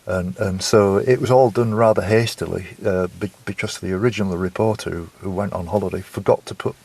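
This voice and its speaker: Man, lowish voice, vlogger on a walk, halting speech, repeats words, outdoors. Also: fairly even intonation, gravelly, a little mellow, slightly rough. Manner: repeats words and restarts often. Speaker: walking vlogger. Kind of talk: casual chat on a walk.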